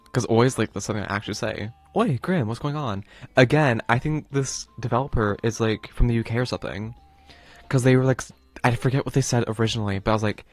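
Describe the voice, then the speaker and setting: A man's voice: medium pitch, quick pace, no room sound, faint music behind. Rambling, playful male game streamer. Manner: rambling and playful, with many fillers like "like". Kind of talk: casual play-through commentary, reading game text aloud.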